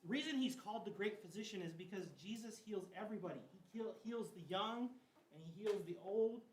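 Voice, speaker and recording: A man's voice: high voice, brisk. A man teaching a confirmation class, retelling Bible stories in a loose, chatty way full of "like" and slang. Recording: echoey room, mic at a distance, faint hiss.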